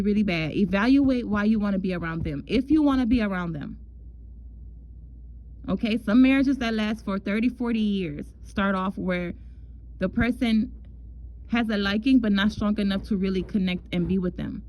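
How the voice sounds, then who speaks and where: A woman talks through a casual love reading as a tarot reader, at an everyday middle pitch. She is chatty and loose, often repeating herself and calling the listener "girl". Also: normal speed, darkish tone, rough recording.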